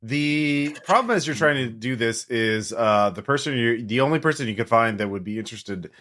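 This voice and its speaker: A man's voice: medium pitch, moderate pace, fairly bright tone. A man running a tabletop game as game master, talking loosely with many fillers.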